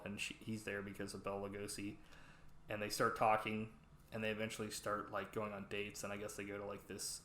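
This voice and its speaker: A man's voice: lowish voice, fairly bright tone, slight background noise. Rambling casual man recapping a film. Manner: rambling, full of "like" and swearing. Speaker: podcast host. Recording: roomy echo.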